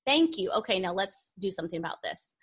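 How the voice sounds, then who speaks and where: A woman's voice: medium pitch, very animated, fairly quick, breathy edge. A woman guest in a conversational interview, talking with animation and acting out the inner voices of her examples.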